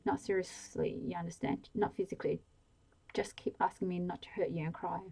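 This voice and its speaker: A woman's voice: fairly low pitch, steady tone, a little fast, gravelly, mellow, breathy edge, poor audio. A woman voicing a cruel, controlling man in an ASMR story reading, with a cold, commanding manner. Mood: menacing.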